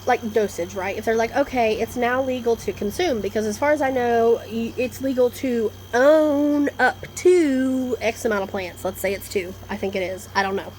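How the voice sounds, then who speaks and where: A woman's voice: medium pitch, a little fast, hardly any pauses, slight background noise. A woman vlogging a casual, rambling monologue, blunt and profane, jumping from topic to topic. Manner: blunt, profane, animated, jumps between topics. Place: indoors, storm coming in outside.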